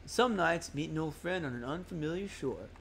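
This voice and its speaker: A man's voice: a little high, animated, slight background noise. A man doing a wistful old river-rat captain. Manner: slow, musing, folksy storytelling.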